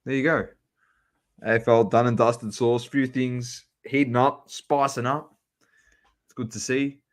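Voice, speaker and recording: A man's voice: mid-range voice, level tone, a little slow. A man with an Australian accent hosting a podcast in casual sports chat, jokey and teasing as he moves through the segments. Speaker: podcast host.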